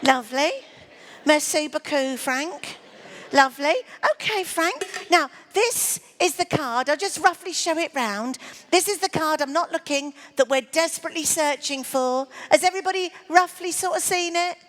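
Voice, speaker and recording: A woman's voice: high voice, moderate pace, a bit bright. A woman doing comic magic patter on stage, teasing and flirting with a volunteer she keeps calling darling. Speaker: comedy magician.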